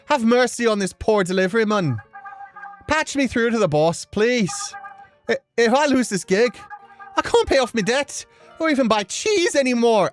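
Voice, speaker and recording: A woman voicing a fast-talking, anxious male mouse deliveryman with an Irish accent, in a pleading, theatrical way. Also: on the high side, voice pushed up. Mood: desperate. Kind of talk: let's play voice acting.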